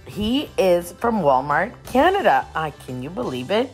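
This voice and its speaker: A woman's voice: on the low side, big pitch swings, measured pace. Bubbly, chatty woman in an echoey room. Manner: bubbly, gushing, repeats herself; rambling, talkative. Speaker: home decor vlogger. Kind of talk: casual chatty vlog and voice-over. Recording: roomy echoey room, faint music.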